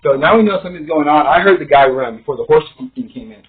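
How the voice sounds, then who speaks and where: Man telling a rambling story, husky and tinny. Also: fairly high pitch, fast talker. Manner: rambling, emphatic first-person retelling. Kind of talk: casual storytelling. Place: his studio apartment. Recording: tinny phone-like sound.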